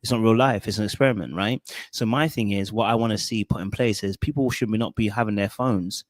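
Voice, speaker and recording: A man's voice: lowish voice, a little fast, dry recording. A man co-hosting a casual recap show, giving his opinions bluntly. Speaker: podcast co-host. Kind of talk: casual reality-TV recap chat.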